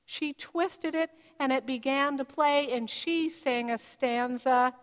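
A woman preaching, retelling a story in a measured, vivid way. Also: high-pitched. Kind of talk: sermon storytelling. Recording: reverberant hall.

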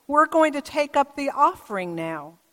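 A woman pastor giving a sermon in a church, telling stories in a gentle, measured way. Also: high-pitched, big pitch swings. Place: church sanctuary. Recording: long church reverb.

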